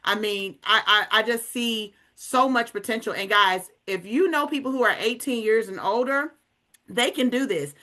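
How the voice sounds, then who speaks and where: A woman hosting a recruitment call, pitching with upbeat energy and calling her listeners "guys.". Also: moderate pace, pushed and bright. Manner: hyped, addresses listeners as guys.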